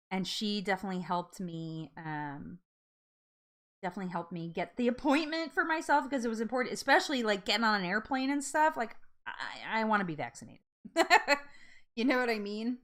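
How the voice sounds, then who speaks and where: A woman hosting a casual live-stream chat, bubbly and chatty, laughing often and reacting out loud to viewer comments. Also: mid-range voice.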